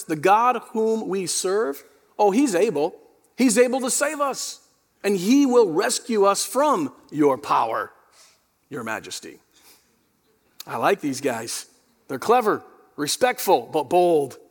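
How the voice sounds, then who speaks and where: High-voiced preaching man in a reverberant hall. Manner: preaching with rising intensity, rhetorical questions, calls to the congregation. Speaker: pastor. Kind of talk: sermon.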